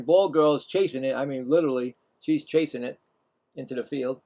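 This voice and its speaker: A man with a Brooklyn accent hosting a casual live play-by-play stream, chatting and rambling between pitches. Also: normal speed, darkish tone. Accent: Brooklyn New York.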